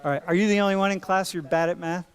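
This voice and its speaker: A man's voice: sits high, fairly even intonation, very fast. A man teaching a university class in a large lecture hall, talking casually and playfully, calling students dude and bro. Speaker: university professor.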